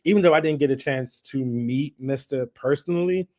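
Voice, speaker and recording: A man's voice: medium pitch, moderate pace. Chatty man hosting a live stream. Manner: chatty, laughing, lively retelling. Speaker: livestream host. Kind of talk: casual live chat.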